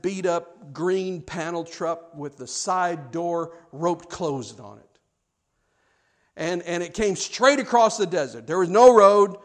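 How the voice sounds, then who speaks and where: A male pastor with a notably high voice preaches to his congregation. He tells the story with building excitement and gets louder as it goes, then drops to a soft, slow hush for the prayer. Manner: animated storyteller, rising loud in the tale, hushed and slow in prayer. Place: church sanctuary, live streamed.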